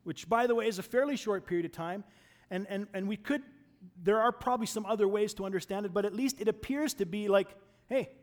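Brisk and high-voiced, a man preaches a sermon in a conversational way. He frequently restarts and repeats words, shifting between raised emphasis and quiet asides.

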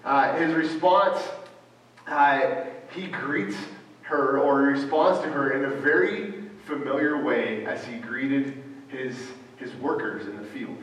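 A man preaching a sermon, halting, with frequent fillers and restarts. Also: medium pitch, a bit bright. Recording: echoey hall from far off, faint ambient noise.

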